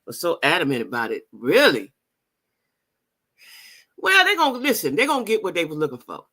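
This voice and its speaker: A woman's voice: low voice, wildly swooping pitch, normal speed, sharp tone. A middle-aged woman talking straight to viewers in a casual vlog. She is emphatic and repeats phrases for emphasis. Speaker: vlogger.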